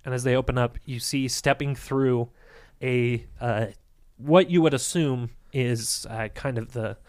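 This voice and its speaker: A man's voice: mid-range voice, steady tone, a little slow, dry recording, clean studio sound. A man running a tabletop role-playing game as game master, narrating scenes, laughing often and jumping into character voices. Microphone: studio mic.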